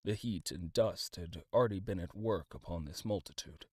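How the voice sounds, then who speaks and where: A man reading a classic novel aloud as an audiobook, in a dramatic, expressive style of scripted narration. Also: low-pitched, moderate pace, husky, no room sound, studio quality.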